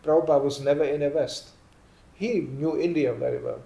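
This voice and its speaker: A man gives an animated storytelling sermon, acting out quotes in a raised voice. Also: a little high, a little fast, creaky. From Sweden. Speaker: spiritual lecturer. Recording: echoey room.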